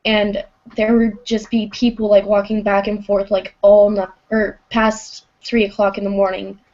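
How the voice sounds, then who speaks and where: A woman's voice: mid-range voice, level tone, measured pace, a little mellow. Teenage girl caller with a sick, dull-sounding voice. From Kansas, USA. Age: teens. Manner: hesitant, many "um" and "like" fillers. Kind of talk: telling a ghost story on a voice call. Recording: dull lo-fi voice chat audio.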